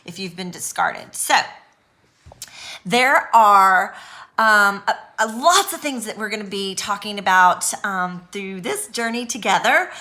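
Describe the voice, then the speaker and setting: A woman's voice: medium pitch, pushed and bright. A woman talking to camera in an unedited personal vlog, nervous and earnest, reassuring her viewers with lots of ums and restarts. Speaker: YouTuber speaking on abuse recovery.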